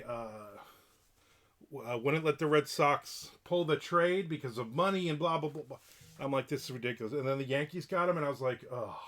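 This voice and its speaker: A middle-aged man hosts a livestream, launching into a casual rant that's blunt, profane, and opinionated. His voice is on the high side and a bit bright.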